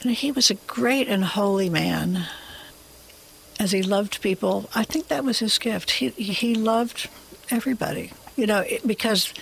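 Author guest, gravelly voice, animated, rambling anecdotes. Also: medium pitch, a little slow, slight background noise, rough recording. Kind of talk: storytelling interview.

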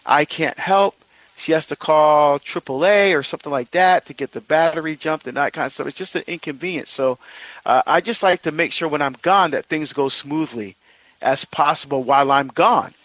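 A middle-aged man hosts a talk, telling a personal story in a rambling way full of fillers and restarts. His voice sits a little high for a man. The recording is dry and close, with no room echo. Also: moderate pace, a bit bright. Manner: rambling, many fillers and restarts, self-questioning. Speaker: host of a marriage series.

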